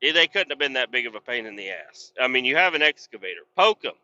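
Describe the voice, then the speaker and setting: A man who hosts a podcast and drives a truck tells rambling, blunt stories packed with swearing, ranting in exasperation as he drives. His medium-pitched voice is bright and forceful, fast, with lively intonation. The recording has a dull lo-fi sound.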